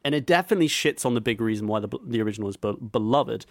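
A man's voice: on the low side, lively intonation, racing, no room sound, clean studio sound. A man co-hosting a podcast, reviewing a film remake in loose, rambling casual chat. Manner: rambling, loose, swears, laughs while telling. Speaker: podcast co-host.

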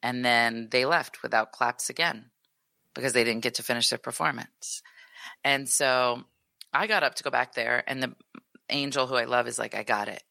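A woman's voice: a bass voice, normal speed, vocal fry, dry recording. A woman in her thirties co-hosting a podcast, telling a story in casual chat and acting out what people said. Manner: animated storytelling, acts out quotes. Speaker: podcast co-host.

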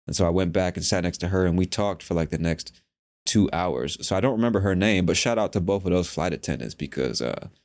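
A man's voice: low voice, fairly quick, darkish tone. A man hosting a podcast, telling a personal story in a candid, profane way and laughing at himself. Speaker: podcast host. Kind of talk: casual storytelling monologue.

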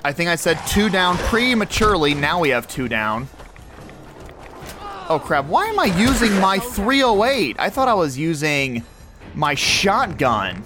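Male host, lively higher voice, chatty play-by-play of his own gaming. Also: measured pace, over music. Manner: excitable, narrates his every move aloud. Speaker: podcast host. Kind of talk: video game play-by-play commentary.

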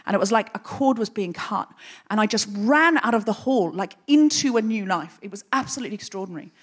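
A woman comedian and podcast host telling a personal story live on stage, wry and lively, winding up to real passion. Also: medium pitch, a little fast, slightly rough. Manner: lively, wry, building to impassioned. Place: stage in front of a live audience.

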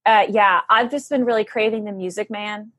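A woman's voice: medium pitch, fairly even intonation, normal speed, sharp tone. A woman podcast host in casual group chat, gushing and firmly opinionated about shows and musicals she loves.

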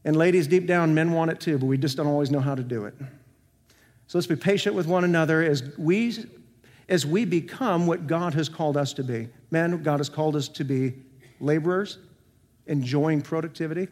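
A man's voice: fairly high pitch, normal speed. Earnest preacher man in a reverberant church. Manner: earnest preaching with rhetorical questions, swinging between emphatic and soft. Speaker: senior pastor. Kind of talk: sermon. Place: church sanctuary. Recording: long hall reverb.

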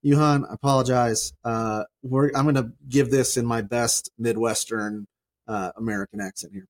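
A man's voice: medium pitch, steady tone, moderate pace. Man, podcast co-host, joking, chatty, mid-range voice. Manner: joking, chatty, lots of fillers. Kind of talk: casual podcast chat.

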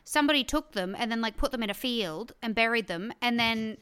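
A woman's voice: a little high, fairly quick, fairly bright tone, clean tone. A woman comedian playing a quiz, chatty and rambling, often amused. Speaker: comedian contestant. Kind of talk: casual comedy banter.

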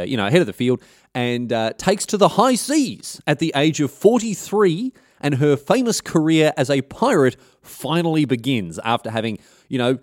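A man's voice: medium pitch, dry recording, studio quality. A man, hosting a history podcast and telling the story in a slangy, irreverent way. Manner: slangy, irreverent, many fillers. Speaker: podcast host.

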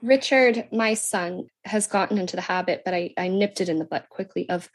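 A woman in her thirties talking in a casual podcast conversation, reflective and measured, explaining her view at length. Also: fairly low pitch. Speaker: podcast guest, daughter and teacher.

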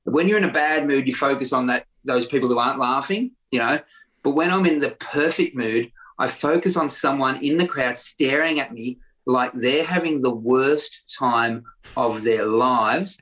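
Aussie male comic, laughing, bawdy anecdotes, mid-pitched. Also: normal speed, a bit bright. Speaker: comedian. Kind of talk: casual podcast chat.

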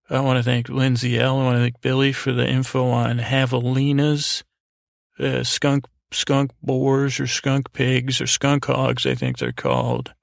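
A man's voice: medium pitch, gravelly, no echo, clean studio sound. A man hosting a podcast, thanking listeners one by one in a loose, rambling way, correcting himself and adding jokey asides. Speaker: podcast host. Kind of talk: casual thank-yous to listeners. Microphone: close studio mic, alone.

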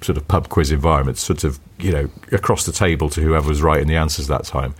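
A middle-aged man, talking casually as a podcast co-host. His voice sits very low and has a husky grain. He tells stories with lively jumps in pitch and frequent chuckles. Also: fast. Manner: animated storyteller, chuckling, pitch jumping up when excited. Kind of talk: casual chat.

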